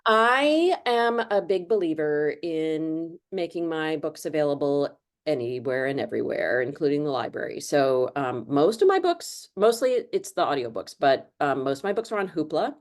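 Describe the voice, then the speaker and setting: A middle-aged woman author chatting in an interview, rambling warmly with lots of fillers and restarts. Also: low-pitched, expressive, normal speed, hardly any pauses. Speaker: author guest. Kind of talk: casual interview chat.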